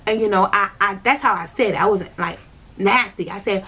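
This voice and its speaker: Woman, husky voice, personal testimony vlog, emphatic, repeats herself, talks to viewers. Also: mid-range voice, a little fast, sharp tone. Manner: emphatic, repetitive, conversational storytelling; addresses viewers directly. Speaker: vlogger sharing her spiritual journey.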